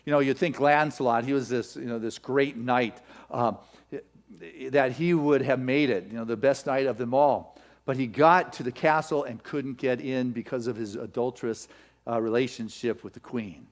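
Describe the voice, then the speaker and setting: A male minister with a mid-range voice preaches a sermon, retelling a legend as a story and firing off rapid rhetorical questions.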